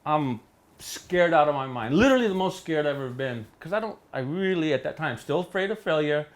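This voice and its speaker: A middle-aged man from Hawaii, telling stories in a studio interview with animated delivery, jumping into voices for quoted people. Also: fairly quick. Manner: animated, acts out quotes with big pitch jumps. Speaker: interview guest. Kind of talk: storytelling in a casual interview.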